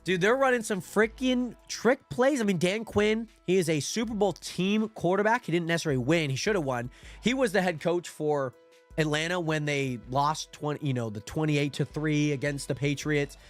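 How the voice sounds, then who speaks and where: A young man with a slightly higher-than-usual voice hosts a football watch party stream. He talks through the plays casually, then erupts into excited yelling on big moments. Faint music plays in the background. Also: normal speed. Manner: swings from calm play-by-play to shouting with excitement. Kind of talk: excited live football commentary.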